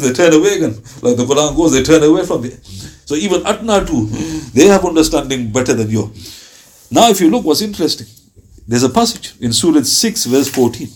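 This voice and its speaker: A man teaching a Ramadan Quran commentary class, telling stories lively and reciting verses in Arabic. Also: a little high.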